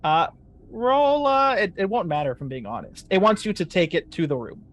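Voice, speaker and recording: A man running a tabletop horror game as game master, narrating scenes slowly for suspense. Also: sits high, sing-song, fairly bright tone.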